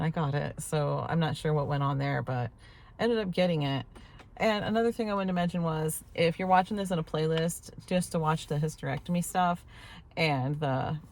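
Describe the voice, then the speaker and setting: Low-voiced chatty woman vlogger. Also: darkish tone. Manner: chatty, rambling, laughs often. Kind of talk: casual vlog chat. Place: in a parked truck. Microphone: clip-on mic.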